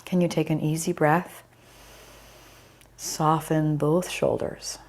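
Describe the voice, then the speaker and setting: Gravelly-voiced woman guiding chair yoga. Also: sits low, slow pace. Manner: calm guiding cues, names students as she goes. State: slightly scratchy voice. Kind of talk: live online yoga class instruction.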